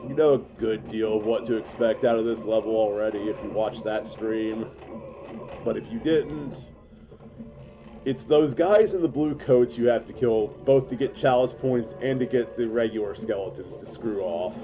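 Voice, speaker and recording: A man's voice: on the low side, moderate pace. Congested man streaming a game. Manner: relaxed, chatty, self-mocking jokes. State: congested and coughing. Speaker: gaming streamer. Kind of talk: casual live-stream commentary. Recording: dull lo-fi stream audio with game music. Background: game music.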